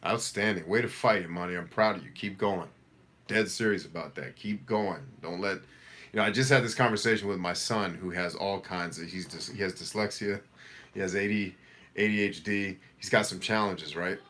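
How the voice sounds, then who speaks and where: A middle-aged man hosting a live coaching Q&A, reading viewer comments aloud and giving direct, energetic, motivational advice in a casual way. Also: sits low, fairly quick.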